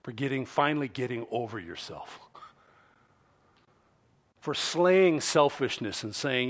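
A man preaching a sermon as pastor, stressing key phrases loudly and then dropping low and quiet, repeating lines for effect. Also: lively intonation. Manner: slow, deliberate delivery with repeated phrases.

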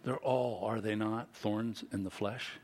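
A middle-aged man preaching a sermon as pastor, animated and full of rhetorical questions to the congregation. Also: fairly low pitch, measured pace, slightly rough.

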